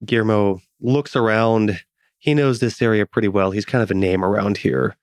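Guy running a tabletop game, chill descriptive narration, lowish voice, dry sound. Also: normal speed, no room sound. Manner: relaxed, descriptive, laughs easily. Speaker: game master.

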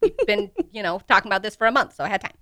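A woman's voice: mid-range voice, lively intonation, racing, bright, forceful tone, no echo, studio quality. A woman co-hosting a casual book podcast, chatty, giggly and self-deprecating.

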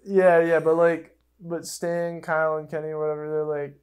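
Rambling, excitable young man hosting a podcast. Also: fairly high pitch, moderate pace, clean tone. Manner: rambling and excitable, swears, many fillers. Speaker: podcast host. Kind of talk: casual chat.

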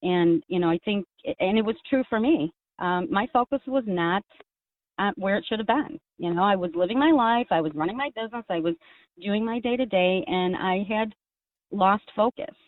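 A woman's voice: mid-range voice, normal speed. Woman calling in over a tinny phone. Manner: earnest, rambling with restarts. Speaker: caller. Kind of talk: casual call-in chat. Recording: tinny phone line, dry.

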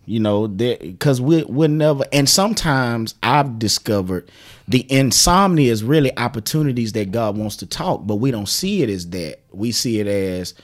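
Animated, laughing male pastor. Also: medium pitch, normal speed. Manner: animated storytelling, laughs often. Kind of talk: casual conversation.

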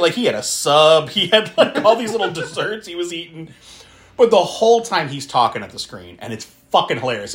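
A man co-hosting a podcast, retelling a horror movie in animated, laughing, swearing casual chat. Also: on the high side. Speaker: podcast co-host.

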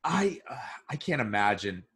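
A man's voice: medium pitch, big pitch swings, normal speed, fairly bright tone, slightly rough. A man co-hosting a podcast, chatting casually and reacting in short, laid-back remarks. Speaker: podcast co-host. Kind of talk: casual chat.

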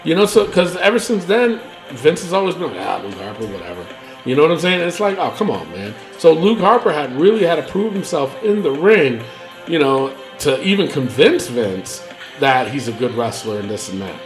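Rambling, animated podcast host, high-voiced, swears a lot. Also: male voice, normal speed, soft background music. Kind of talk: casual wrestling chat.

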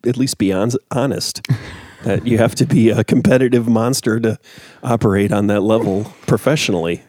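A man's voice: on the low side, moderate pace, darkish tone, no room sound, studio quality. A man in casual chat who rants with heat and then apologises for getting carried away. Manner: heated, ranting and self-deprecating.

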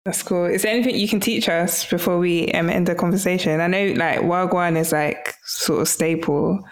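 A woman's voice: on the low side, steady tone, moderate pace, rough recording. A woman hosting an interview, curious and encouraging, often murmuring agreement. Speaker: interview host. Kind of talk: conversational interview.

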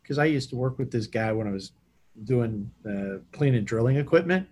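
A man's voice: medium pitch, lively intonation, normal speed, darkish tone. Joking man with faint background noise. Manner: laughing, joking, trails off. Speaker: podcast co-host. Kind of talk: casual chat.

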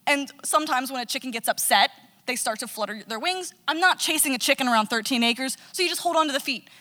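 Bright-voiced woman telling a funny story. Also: high-pitched, quick pace. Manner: animated, laughing, self-mocking. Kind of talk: personal storytelling. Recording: long reverb.

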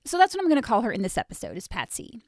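A woman with a fairly high voice hosts a podcast. She tells the story from her notes in a wry, animated way and drops into casual chat in between. The recording is close and dry, with no room sound. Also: very fast, no room sound. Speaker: podcast host.

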